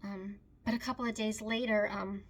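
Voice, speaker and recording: A woman's voice: medium pitch, steady tone, normal speed. A woman speaking in an earnest, pleading monologue, recounting a painful family moment as a recovery advocate. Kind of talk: emotional personal monologue.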